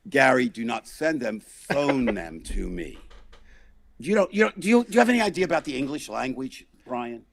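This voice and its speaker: A man hosting a comedic political chat show, loudly mocking and exasperated as he rants. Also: medium pitch, very animated, normal speed, gravelly. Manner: loud, mocking, exasperated ranting. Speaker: podcast host.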